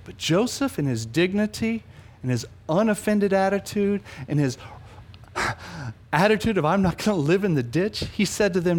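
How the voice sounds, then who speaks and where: A man preaching a sermon, animated, swinging between loud emphasis and hushed asides, often repeating words for emphasis. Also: high voice, unhurried. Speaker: pastor.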